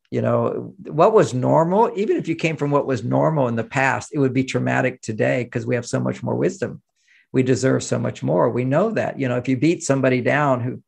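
Man from the US, gravelly tone, middle pitch, animated interview talk. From United States. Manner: animated, acts out quoted voices, chuckles. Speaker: relationship author and interview guest. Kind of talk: conversational interview explanation.

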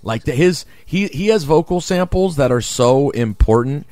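A man co-hosting morning radio, animated and emphatic, his voice jumping up in excited bursts. The sound is dry and close with no room around it. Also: fairly high pitch, moderate pace, dry recording. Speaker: radio show co-host.

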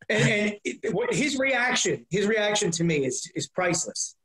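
Rambling high-voiced man in casual chat. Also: expressive, normal speed, bright, forceful tone, poor audio. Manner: rambling, with many restarts and repeated words. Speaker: guest, prank-call comedian.

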